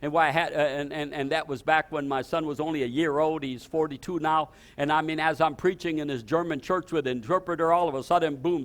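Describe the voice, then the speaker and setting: An older man, a pastor, preaching a storytelling sermon in an animated way, with many restarts and rising exclamations. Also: a little high.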